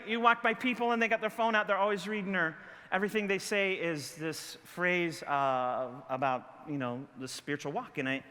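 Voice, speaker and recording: A middle-aged male pastor preaching a sermon, telling a story with self-mocking humor and bursts of shouting. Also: on the high side, in a large hall. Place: church sanctuary.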